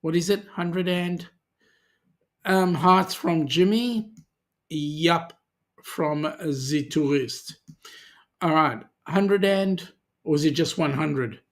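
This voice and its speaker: A man's voice: on the high side, takes it slowly, pauses often. Chatty Australian man hosting a livestream. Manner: chatty, reads viewer comments aloud and answers them. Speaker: charity channel host. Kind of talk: casual livestream chat.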